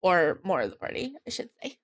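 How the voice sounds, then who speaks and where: A woman streamer chatting casually with viewers in a bubbly, excited high-pitched voice. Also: brisk, no echo. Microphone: desk microphone.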